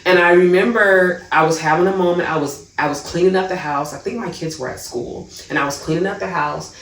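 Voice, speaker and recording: A woman co-hosting a faith podcast, telling a personal story in an animated way with lively asides. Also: fairly low pitch, a little fast. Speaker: podcast co-host. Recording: roomy, distant mic.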